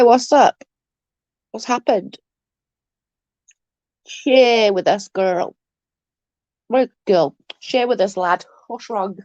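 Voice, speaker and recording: A woman's voice: medium pitch, darkish tone, dry recording, muffled recording. A woman streaming live, chatting casually and rambling with her viewers, swearing now and then.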